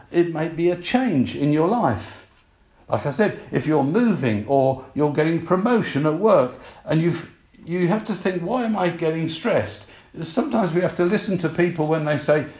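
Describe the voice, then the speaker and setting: An older man delivers a relaxed, conversational sermon in a voice that sits a little high. He keeps asking his listeners questions and circling back over his points. The room around him is echoey. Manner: conversational, repeats himself, asks listeners questions. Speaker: preacher. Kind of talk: informal sermon.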